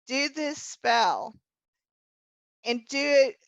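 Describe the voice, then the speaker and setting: A woman's voice: sits high, animated, very slow, dry recording, poor audio. A woman teaching a witchcraft class over a video call, patiently walking a group through a spell chant step by step. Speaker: witchcraft instructor.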